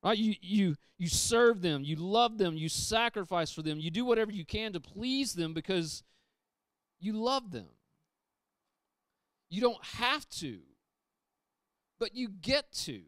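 Emphatic preacher with a smooth voice. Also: male voice, sits high, animated, unhurried, long pauses, no room sound, studio quality. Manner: emphatic, repeats phrases, shifts from loud to hushed. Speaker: pastor. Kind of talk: sermon. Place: church sanctuary.

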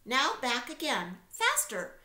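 A woman voicing a wise, kind female spider who speaks gently but firmly, recorded with a roomy echo. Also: high voice, huge pitch swings, slow pace, voice pushed up, exaggerated voice. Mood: commanding.

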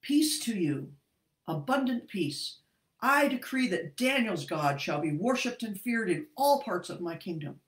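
A woman's voice: medium pitch, sing-song, unhurried, echoey room. A woman reading as a troubled ancient king. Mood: proclaiming. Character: anxious ancient king, later solemn and regal.

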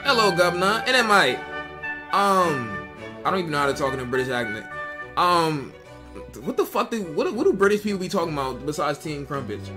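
A man's voice: fairly high pitch, big pitch swings, fast talker, over music. Profane, repetitive young male streamer. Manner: profane, repetitive, talks to chat. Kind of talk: casual live-stream commentary.

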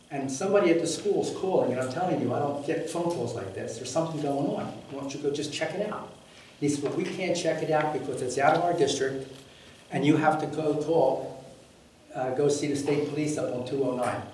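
A man's voice: a little high, normal speed, darkish tone. A man making a public comment at a school board meeting, telling a long, rambling story in a blunt, emphatic way and swearing freely. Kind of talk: rambling spoken anecdote. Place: large meeting hall. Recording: very echoey hall, mic far off, faint noise.

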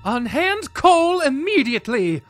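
A man voicing a fierce, righteous female knight, loud and formal in her declarations. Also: very high-pitched, big pitch swings, measured pace, faint music behind, pitched above the performer's own voice, heavily acted. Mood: furious.

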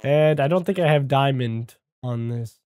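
A man giving jokey, excitable let's-play commentary as a gaming YouTuber, talking to the character on screen. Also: mid-range voice, a little slow, no room sound, clean studio sound.

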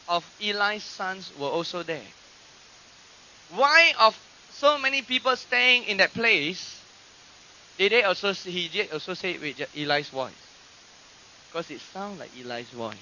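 Bright animated male preacher, lo-fi. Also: high-pitched, measured pace, pauses often, slight background noise. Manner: animated, acts out quoted voices. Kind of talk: sermon teaching. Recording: dull lo-fi archive recording.

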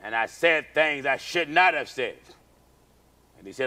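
A man preaching a sermon as pastor, animated and storytelling. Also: measured pace. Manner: animated preaching, acts out childhood prayers in high cries.

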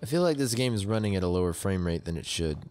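A man's voice: deep voice, animated, fast talker, darkish tone, soft background music. A young man in his twenties narrating his own gameplay casually, easily startled and prone to yelps and shrieks. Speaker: let's play gamer.

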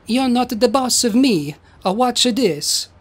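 A woman's voice: fairly high pitch, animated, takes it slowly, pitched above the performer's own voice. A woman voicing a naive, childlike robot in a suit of knight's armor who speaks in broken, simple sentences. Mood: defiant.

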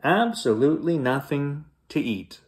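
A man voicing a stubborn young boy in a storybook reading, shouting and insisting. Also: fairly high pitch, lively intonation, unhurried. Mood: whiny. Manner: yelling and insistent.

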